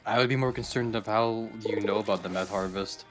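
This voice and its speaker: A man's voice: fairly low pitch, fairly even intonation, brisk, a bit bright, faint music behind. A man chatting casually on a game stream, hesitant with fillers and dry jokes.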